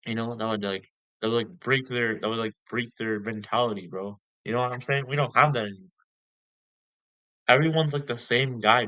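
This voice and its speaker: A young man ranting casually as a vlogger, repeating himself and filling every pause with "like" and "you know". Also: fairly low pitch, bright, forceful tone, no room sound, low-quality recording. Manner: ranting, heavy filler words, repeats himself. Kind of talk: casual rant.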